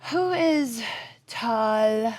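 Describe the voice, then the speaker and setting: A woman's voice: fairly high pitch, animated, drawn-out words, darkish tone. A young woman co-hosting a podcast in casual, joking chat, often laughing and slipping into playful impressions. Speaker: podcast co-host.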